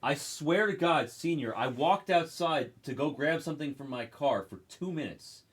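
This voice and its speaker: A man hosting a live card break, telling a story in an animated, profane rant. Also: a little high, normal speed, husky.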